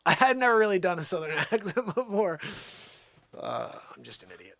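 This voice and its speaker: A man's voice: high voice, big pitch swings, a little fast, vocal fry, bright, forceful tone, no room sound, clean studio sound. A man hosting a casual livestream, laughing and rambling between his impressions. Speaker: livestream host doing impressions.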